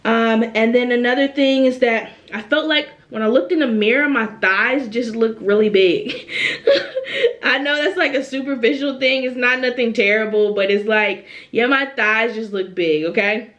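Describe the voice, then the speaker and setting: Chatty young woman, rather high voice. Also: normal speed, muffled recording. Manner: chatty, animated, repeats phrases and tags "okay?". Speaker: vlogger. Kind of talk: casual chat to camera. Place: at home.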